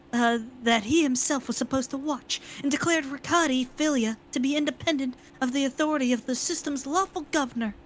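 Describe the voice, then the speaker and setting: Brief: a high-pitched woman narrating game text, halting over names, faint noise behind. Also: poor audio. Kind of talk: reading game text aloud.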